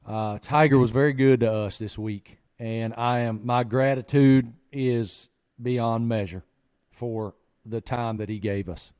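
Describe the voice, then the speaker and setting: A man hosting a podcast, telling a story in an earnest, animated way. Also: medium pitch, unhurried, clean tone. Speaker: podcast host. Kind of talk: storytelling chat.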